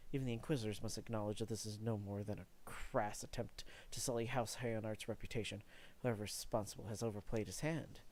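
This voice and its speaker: A man's voice: mid-range voice, a little mellow, lightly acted. A man reading as a grave noble knight. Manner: formal, measured reading. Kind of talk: reading game dialogue aloud.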